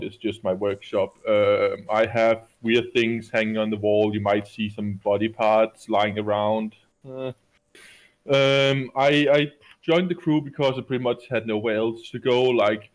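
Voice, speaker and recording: A man plays a mysterious starship doctor with grisly habits in a sci-fi tabletop game. The voice sits a little low and the delivery is unpolished and hesitant, full of small pauses. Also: close to an everyday voice, rough recording. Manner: plain, hesitant, conversational delivery.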